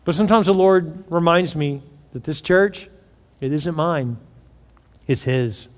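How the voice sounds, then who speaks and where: A man preaching a sermon as pastor, swinging from loud to hushed and acting out quoted voices. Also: fairly high pitch, a little slow. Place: church auditorium. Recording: long reverb in a large hall.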